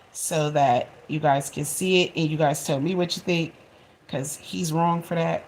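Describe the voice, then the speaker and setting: Chatty woman vlogger with a low voice. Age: 40s. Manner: chatty and expressive, laughs at herself. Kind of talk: casual storytelling to camera.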